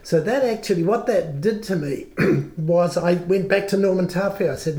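An older man with a New Zealand accent, a guest telling stories in a relaxed, halting way. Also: sits high. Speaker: guest, worship songwriter. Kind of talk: reflective storytelling in conversation.

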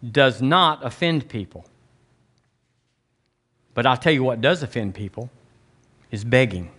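A man's voice: medium pitch, a bit bright. A man preaching a blunt, emphatic sermon as pastor, drawing the congregation into call-and-response.

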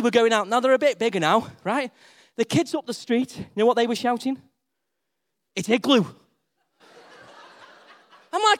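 A middle-aged pastor delivers a sermon as a story, acting out other people's voices along the way. His voice sits high for a man, with a gravelly edge. His pitch swings widely as he talks.

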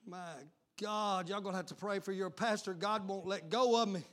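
Male pastor, high bright voice, fervent sermon, shouts then hushes. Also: fairly even intonation, normal speed. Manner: preaching, swings from shouting to hushed asides.

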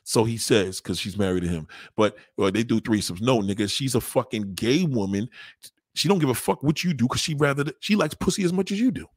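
A brash man delivering raunchy stand-up with a husky, slightly rough voice. His pitch jumps up and down as he acts out the people in his stories. The sound is dry and close, with no room echo. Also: lively intonation, a little fast. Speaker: stand-up comedian. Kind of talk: profane stand-up routine.

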